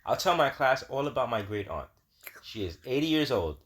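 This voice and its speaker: A man reading a children's picture book aloud, slow, steady and gentle. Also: mid-range voice. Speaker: storybook reader.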